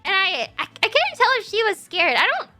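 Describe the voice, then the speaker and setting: Bright, very high-voiced woman telling a story. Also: brisk, soft background music. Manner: animated storytelling, laughing often, acting out quotes. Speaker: streamer. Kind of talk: casual story time chat.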